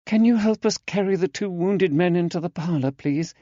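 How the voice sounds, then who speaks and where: A male narrator voicing a pale, strained young woman who speaks urgently and haltingly in an audiobook. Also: sits high, dark tone, dry recording, dull audio, pitched above the performer's own voice, natural voice.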